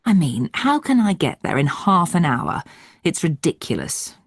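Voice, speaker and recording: A woman's voice: low-pitched, big pitch swings, moderate pace, husky, no room sound, clean studio sound, heavily acted. A woman voicing an indignant woman complaining about a late call, in scripted course audio. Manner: exasperated, emphatic.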